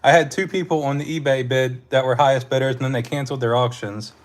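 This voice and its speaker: Man, live stream host, casual chat, laid-back, laughs a lot, sore throat, mid-pitched voice. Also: fairly even intonation, fast talker. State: sore throat from long talking.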